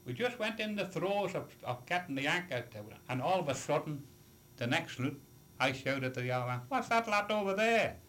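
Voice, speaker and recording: A man's voice: medium pitch, fairly quick, a bit bright. An older man recalls voyages at sea in an oral history interview. He rambles and restarts, tossing in "you see" asides. Faint background noise sits under the voice. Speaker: retired sailor telling of voyages.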